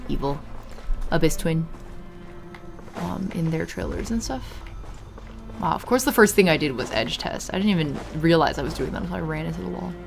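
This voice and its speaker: A young woman casually chatting while streaming a video game. She talks in a chatty, easily distracted way, with bursts of excited exclamations. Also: fairly low pitch, a little fast, creaky, music in the background. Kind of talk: casual live gameplay commentary.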